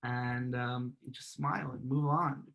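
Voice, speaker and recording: A man being interviewed about his life, talking earnestly and warmly, often repeating and restarting words. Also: medium pitch, fairly even intonation, a little slow, creaky, rough recording. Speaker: guest, part-time professional clown. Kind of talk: earnest conversational storytelling.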